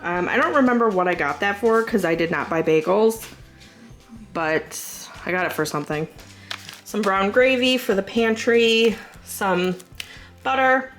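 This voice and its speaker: A woman's voice: mid-range voice, a little slow, fairly bright tone, soft background music. A woman in her thirties with a Southern US accent, chatting casually and rambling through a grocery haul with lots of fillers. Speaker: vlogger showing a grocery haul. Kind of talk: casual chat.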